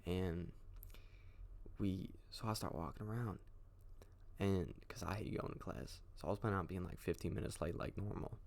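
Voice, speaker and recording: A young man with a low, gravelly voice tells a rambling story in casual slang. His talk is loose and profane, the easygoing style of a storytime clip. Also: moderate pace, darkish tone.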